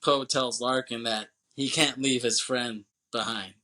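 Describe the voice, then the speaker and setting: A man's voice: mid-range voice, fairly even intonation, unhurried, sharp tone. A man co-hosting a podcast, retelling a movie's plot in a loose, rambling way, swearing freely and laughing as he goes. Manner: laughs often while talking. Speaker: podcast co-host. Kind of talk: casual movie recap chat.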